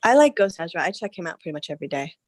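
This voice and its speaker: A woman in her thirties chatting casually, her voice sitting a little low. She talks in an animated way, laughs often and restarts her sentences. The sound is dry and close, with no room around her. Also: racing, no room sound. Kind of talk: casual chat.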